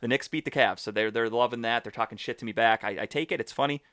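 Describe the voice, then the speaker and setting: Blunt, profane sports fan. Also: male voice, medium pitch, fast talker, dry recording, studio quality. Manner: blunt, profane, animated ranting. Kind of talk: casual sports chat.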